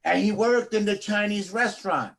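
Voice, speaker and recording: A man on a video call telling a comedic story in a dry way, landing quick punchlines. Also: sits high, gravelly, heavy background noise.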